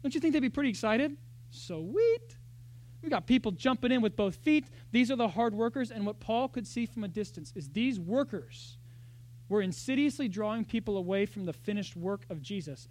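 A pastor giving a sermon in a church, talking in an animated, conversational way with lots of rhetorical questions. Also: male voice, high voice, normal speed.

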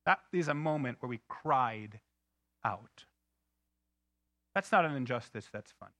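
Animated preacher man, bright voice. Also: mid-range voice, dry recording. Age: adult, married. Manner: animated, swings from loud outbursts to hushed, drawn-out emphasis. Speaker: pastor. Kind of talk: sermon.

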